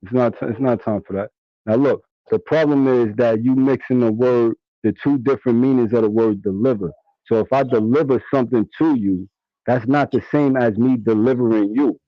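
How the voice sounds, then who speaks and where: A man on a call in a debate, patiently explaining and urging calm. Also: mid-range voice, moderate pace, no echo. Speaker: debate participant. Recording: dull lo-fi call audio.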